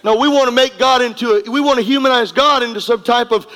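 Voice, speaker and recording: High-voiced preacher in a reverberant hall. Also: male voice, fast talker, sharp tone. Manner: emphatic, repeats words, leads congregation in call-and-response. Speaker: pastor. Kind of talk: sermon. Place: church sanctuary.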